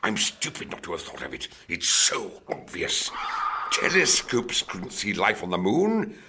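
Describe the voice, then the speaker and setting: An actor playing an eccentric, excitable scientist explorer, who muses enthusiastically and talks to strange creatures in simple words. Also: male voice, low-pitched, a little slow, slightly rough, full character voice.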